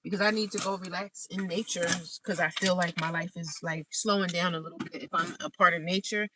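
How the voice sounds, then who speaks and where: A woman's voice: lowish voice, fairly even intonation, fairly quick, recorded from a distance, background noise. A woman vlogger from the United States chatting sassily to her viewers from inside her car, calling them honey and girl. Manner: sassy and chatty, calls listeners honey and girl. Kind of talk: casual chat to a live chat.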